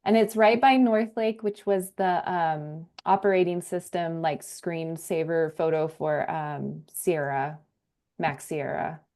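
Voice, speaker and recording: A woman photographer chatting casually about her own website. She speaks softly and a little self-deprecatingly, often letting her sentences trail off. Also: sits low, steady tone, slow pace. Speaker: photographer getting feedback. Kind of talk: casual conversation.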